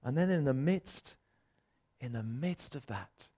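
A man preaching a sermon, dramatic, acting out the voices he quotes and swinging between loud and soft. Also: mid-range voice, lively intonation, measured pace.

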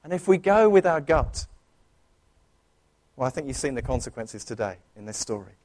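A pastor in church preaches a sermon in an earnest, conversational style, often restarting his sentences. His medium-pitched voice is very animated, with a moderate pace and a darkish tone.

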